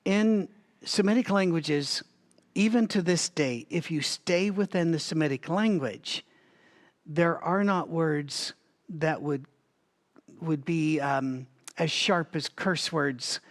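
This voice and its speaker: A slow-speaking man with a fairly high voice runs a Bible study, teaching conversationally as he thinks aloud, wanders into asides, and restarts. He coughs from time to time, a cough that keeps coming back.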